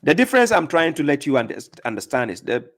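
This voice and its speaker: A man's voice: fairly high pitch, very animated, fast. Assertive man lecturing a caller. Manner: assertive, lecturing, acts out examples with sudden shouts and whispers. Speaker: host. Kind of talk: live call-in religious debate.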